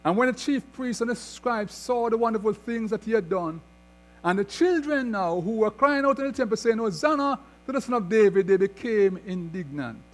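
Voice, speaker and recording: A man's voice: high-pitched, animated, normal speed. A man preaching a sermon, reading scripture aloud and then expounding on it with rising emphasis. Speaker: pastor.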